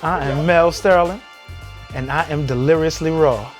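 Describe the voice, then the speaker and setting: A young man doing stand-up, telling brash, profane stories and shouting his punchlines, then talking calmly in an interview. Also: on the high side, moderate pace, soft background music. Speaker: stand-up comedian. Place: comedy stage before a live audience.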